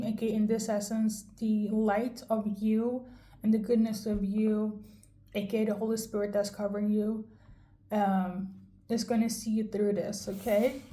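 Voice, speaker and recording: Woman card reader with a higher-pitched voice, talks straight to the viewer in a loose, candid, chatty way. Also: mellow. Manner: chatty, addresses viewer directly, frequent "okay?" check-ins; conversational and candid, occasional swearing. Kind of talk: casual intuitive card reading to camera.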